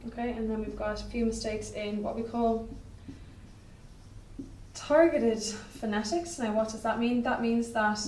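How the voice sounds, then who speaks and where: A woman's voice: a little high, fairly even intonation, measured pace, a little mellow, slight background noise. A woman, giving a chatty classroom lecture as a French teacher and checking in with "okay?" often. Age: 20s. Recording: echoey room, voice from a distance.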